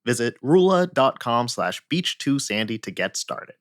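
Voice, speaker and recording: A man's voice: medium pitch, very animated, measured pace, no room sound, studio quality. A man co-hosting a casual podcast, joking wryly, laughing along and reading ads. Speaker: podcast co-host. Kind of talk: casual chat and ad reads.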